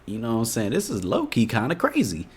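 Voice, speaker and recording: A young man with an Indiana accent reacting to videos with casual, animated and exasperated commentary, often saying "you know what I'm saying". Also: medium pitch, quick pace.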